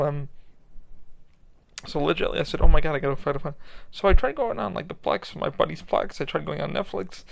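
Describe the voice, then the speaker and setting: A man's voice: on the high side, creaky. A young man hosting his podcast alone, rambling through a casual, profane chat from his bedroom and laughing often. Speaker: podcast host. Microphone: laptop recording.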